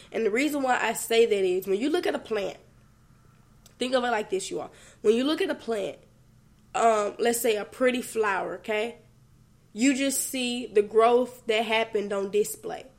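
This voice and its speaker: A young woman hosting a faith podcast, talking earnestly and tearfully to her listeners in a casual conversational way. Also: a little high. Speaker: podcast host. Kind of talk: personal faith reflection.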